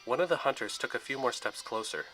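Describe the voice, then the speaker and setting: Narrator: a man, bright and sharp, steady expressive storybook reading. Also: medium pitch, fast talker, soft background music, low-quality recording.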